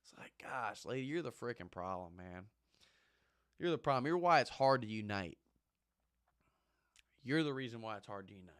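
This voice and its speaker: A man speaks in a fired-up, impassioned monologue, hammering his points home through repetition. His voice sits at an ordinary middle pitch. The recording is dry and close, with no room echo. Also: animated, moderate pace, pauses often, a bit bright. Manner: fired-up, ranting, emphatic repetition. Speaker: vlogger and former Marine.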